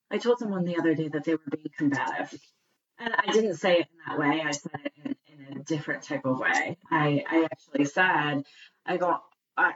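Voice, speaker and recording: A woman speaks about communication in a casual, earnest monologue, posing many rhetorical questions. Her voice is lowish and a bit bright with a breathy edge, and the recording sounds muffled.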